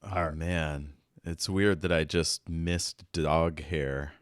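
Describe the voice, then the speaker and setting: A man chatting in a relaxed, joking way on a video call as a player in a tabletop game. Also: a bass voice, slow pace, clear, resonant tone, no echo, studio quality. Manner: laid-back, joking. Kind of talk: casual chat.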